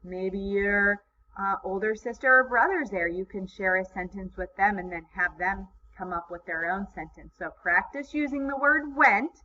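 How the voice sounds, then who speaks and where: A woman teaching kindergarten in a recorded video lesson, with slow, encouraging, sing-song teacher talk. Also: mid-range voice, pushed and bright. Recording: slightly dull lo-fi sound, faint background noise.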